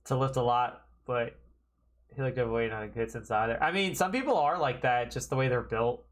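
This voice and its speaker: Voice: medium pitch, fairly quick. A streamer commentating a live playthrough, with self-deprecating, giggly asides. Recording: game music behind the voice.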